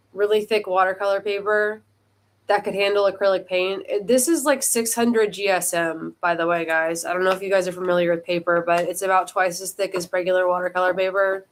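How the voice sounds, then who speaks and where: A woman's voice: medium pitch, steady tone, moderate pace, background noise. A woman in casual, rambling tutorial chat about art supplies. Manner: chatty, rambling. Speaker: art video creator.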